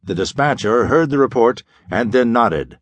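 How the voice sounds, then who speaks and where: A man's voice: medium pitch, expressive, moderate pace, no echo, lo-fi sound. Dramatic male audiobook narrator. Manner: dramatic, vivid storytelling. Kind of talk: scripted narration of classic pulp sci-fi.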